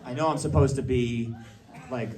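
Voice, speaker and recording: A man doing a stand-up comedy set, telling stories in a lively, animated way with quick asides, recorded live on a stage mic. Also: mid-range voice. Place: small live comedy venue. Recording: distant live room recording with crowd. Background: audience laughter.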